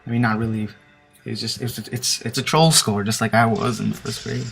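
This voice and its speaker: A man's voice: mid-range voice, normal speed, gravelly, faint music behind, low-quality recording. A man casually telling a story over game footage as a gaming commentator, rambling and hesitant with lots of filler words. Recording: steady background hiss with clicking.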